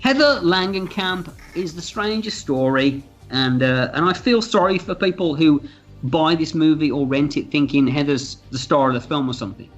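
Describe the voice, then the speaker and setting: A man telling stories as a guest in a casual interview, lively and animated. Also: on the high side, moderate pace. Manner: animated, acts out quoted voices. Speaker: film director interviewed as guest. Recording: dull lo-fi sound with faint music.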